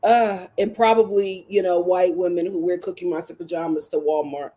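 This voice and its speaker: A woman's voice: lowish voice, fairly even intonation, moderate pace, warm tone. A woman hosting a reality TV recap, blunt and dramatic, acting out quotes in voices. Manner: blunt, sassy humor. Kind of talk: animated solo commentary.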